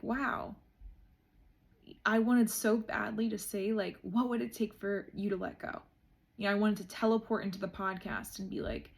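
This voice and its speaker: A young woman vlogger with a creaky, medium-pitched voice chats in a reflective, casual way. She's emotional and heartfelt, filling her speech with lots of "like" and "you know."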